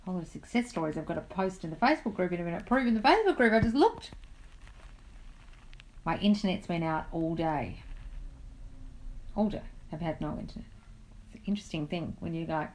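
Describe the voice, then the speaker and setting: A woman's voice: lowish voice, expressive, a little fast, pauses often, darkish tone, low-quality recording. A woman hosting a casual live-stream Q&A as a manifesting coach, chatty, reading comments aloud and calling listeners darling. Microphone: phone on a live stream.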